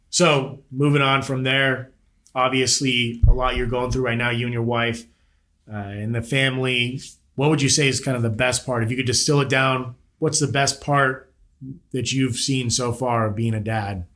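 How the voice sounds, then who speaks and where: A man's voice: mid-range voice, steady tone, normal speed, fairly bright tone. Thirties male podcast host, mid-range voice, blunt, jokey, swears a lot. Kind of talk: casual interview chat.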